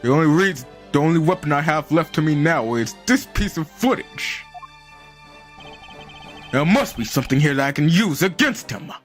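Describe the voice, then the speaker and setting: A man's voice: fairly high pitch, animated, normal speed, faint music behind. A man co-playing a game stream, chatting casually and reading dialogue aloud with dramatic flair. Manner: playful, reads lines with dramatic flair.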